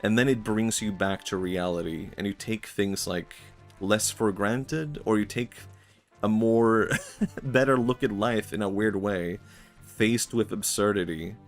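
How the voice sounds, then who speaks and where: A man's voice: fairly low pitch, measured pace, faint music behind. Rambling, reflective streamer guy. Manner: rambling and reflective, heavy on filler words, laughing often. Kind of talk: casual stream chat.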